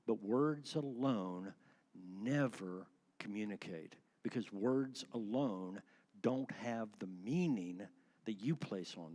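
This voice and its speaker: Animated man leading a church class. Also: fairly low pitch. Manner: animated, asks the class questions, shifts word stress for effect. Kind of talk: interactive church class lecture.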